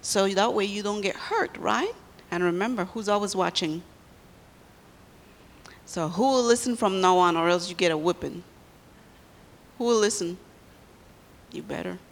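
A woman's voice: fairly low pitch, long reverb tail, a little hiss or hum. A woman giving a children's sermon in church, telling a story and quizzing the kids as she goes.

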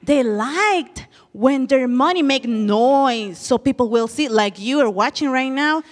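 A woman's voice: sits high, animated, unhurried, big-room sound. A woman teaching a children's Bible lesson in a church, telling the story with animation and asking the children questions.

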